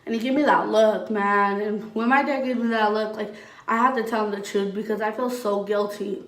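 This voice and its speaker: Young female vlogger, casual rambling storyteller who swears often, mid-pitched, roomy, slightly distant sound. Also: steady tone, moderate pace. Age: young adult. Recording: roomy echo, voice a bit off-mic.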